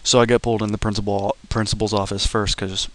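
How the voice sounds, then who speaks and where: Low-voiced young man telling a story. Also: fast, low-quality recording. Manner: blunt, profane, lively retelling. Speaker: vlogger. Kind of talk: casual storytelling.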